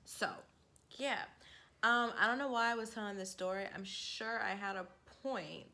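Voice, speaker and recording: Bright-voiced woman in her forties telling a story. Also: medium pitch, normal speed. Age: 40s. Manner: candid, laughing, animated quoting. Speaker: vlogger. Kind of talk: casual storytelling to camera.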